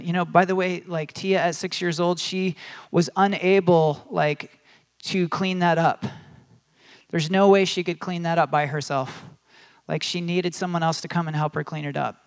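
A man's voice: high voice, steady tone, normal speed. A man preaching a sermon in a conversational way, with many fillers and restarts, acting out quoted voices with animation.

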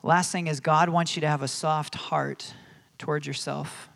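A man's voice: a little high, level tone, measured pace, vocal fry, a bit bright. A man preaching a sermon in a conversational way, with many fillers and restarts, acting out quoted voices with animation.

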